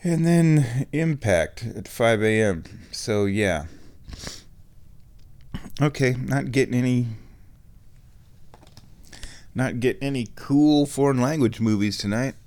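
Man, solo show host, slow delivery, excitable, thinks out loud, self-mocking. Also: medium pitch, smooth. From United States. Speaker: podcast host. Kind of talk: rambling solo chat.

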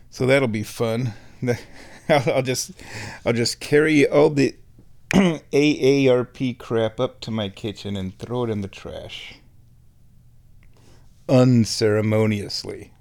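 A man's voice: mid-range voice, expressive, takes it slowly, creaky, pauses often. A man around fifty hosts a casual solo show from home, rambling wryly and chuckling at his own jokes. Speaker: podcast host.

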